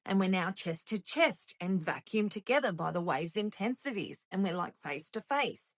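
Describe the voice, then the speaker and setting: A middle-aged woman with an Australian accent telling a comic personal story, wry and animated, with sharp comic timing. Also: mid-range voice, normal speed.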